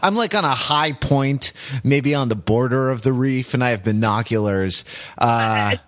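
A man's voice: mid-range voice, unhurried, a bit bright, dry recording. A man hosting a podcast, speaking hesitantly with stammered starts in casual discussion. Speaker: podcast host.

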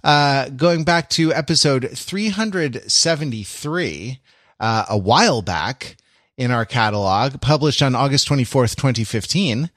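A man hosting a podcast, talking casually and rambling through fillers and restarts. His voice sits at an ordinary middle pitch. The sound is close and dry, with no room to it. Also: lively intonation, a little slow, a bit bright, no echo. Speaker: podcast host. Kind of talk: casual chat.

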